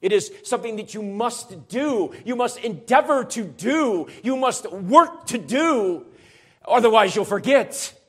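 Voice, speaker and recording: High-voiced man preaching an earnest sermon. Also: lively intonation, unhurried, slightly rough. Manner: earnest preaching that builds to emphatic urgency. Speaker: pastor. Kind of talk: expository sermon.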